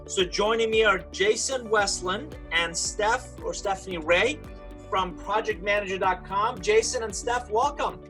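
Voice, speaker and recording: A man's voice: sits high, unhurried, pushed and bright, soft background music. A man hosting an interview, welcoming guests in a chatty way. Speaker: host.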